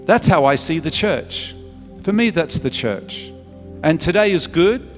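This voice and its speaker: A man's voice: fairly high pitch, animated, measured pace, long reverb tail, soft background music. A man in his fifties, a pastor preaching a sermon, earnest and repeating phrases for emphasis. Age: 50s.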